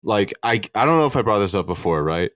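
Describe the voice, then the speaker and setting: Man, podcast co-host, crude heated rants, lowish voice, dry mic. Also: expressive, fast talker, a bit bright, no echo. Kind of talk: casual comedic chat.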